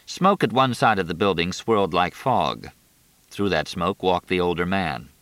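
Brief: male narrator, deep and steady, dry booth sound. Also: moderate pace, dry recording. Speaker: audiobook narrator. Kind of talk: scripted narration.

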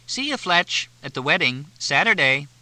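A bright, high, bouncing young woman's voice, giggly and teasing, the sort who can't hold back a laugh, as a male audiobook narrator puts her on. Her pitch leaps and dips all over the place. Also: huge pitch swings, moderate pace, dry recording, exaggerated voice, rough recording.

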